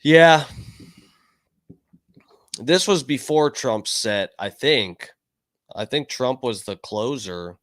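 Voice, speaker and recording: A man's voice: medium pitch, expressive, slow, long pauses, a bit bright. A man streaming a casual live reaction, rambling and swearing with lots of hesitations.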